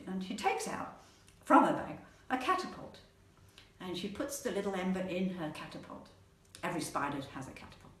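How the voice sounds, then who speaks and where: A woman's voice: lowish voice, brisk. Woman storyteller, playful, rhythmic repetitions, echoey room, distant mic. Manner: animated, playful, repeats words for rhythm. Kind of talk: oral storytelling.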